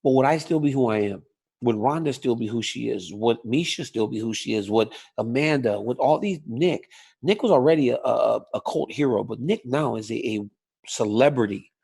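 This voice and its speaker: A man's voice: medium pitch, moderate pace, a little mellow. A man talking as a guest in an interview, emphatic and stressing points by repeating his questions. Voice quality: gravelly, husky. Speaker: guest fighter. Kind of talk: interview chat.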